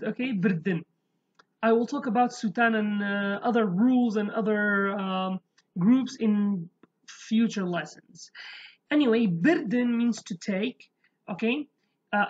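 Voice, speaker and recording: A woman teaching a casual language lesson over slides. She repeats words slowly and keeps checking in with "okay?". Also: fairly high pitch, muffled recording.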